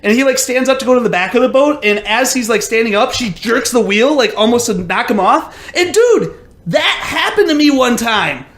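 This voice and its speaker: A man co-hosting a podcast, telling stories in an animated, casual and profane way. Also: very high voice, normal speed, echoey room. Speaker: podcast co-host. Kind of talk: casual chat.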